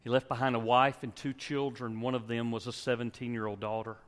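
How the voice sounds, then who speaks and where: A male pastor preaching a sermon and leading a closing prayer, emphatic, swinging from loud exhortation to hushed tones. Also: medium pitch, flat delivery, brisk. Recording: long hall reverb.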